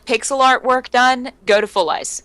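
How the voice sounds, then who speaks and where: A woman's voice: high voice, normal speed, fairly bright tone, dry recording. A woman voice actor chatting as a podcast guest, joking, laughing often and swearing casually. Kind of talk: casual chat.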